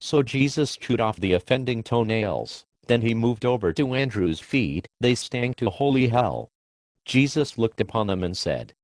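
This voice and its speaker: A man narrating a crude comic parable in a deadpan, mock-biblical manner. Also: on the low side, moderate pace, no room sound. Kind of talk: mock-scriptural comic storytelling.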